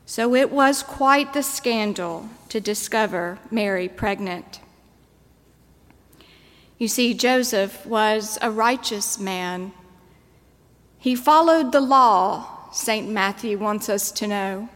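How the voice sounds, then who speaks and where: A woman preacher delivering a sermon in a measured, storytelling manner. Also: mid-range voice, fairly bright tone. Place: church. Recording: long church reverb.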